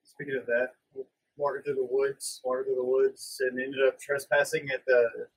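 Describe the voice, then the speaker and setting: A young man, a podcast guest reminiscing in an excitable, profane, rambling way. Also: medium pitch, moderate pace, slightly rough, low-quality recording. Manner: excitable, swears freely, trails off mid-sentence. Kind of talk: casual chat.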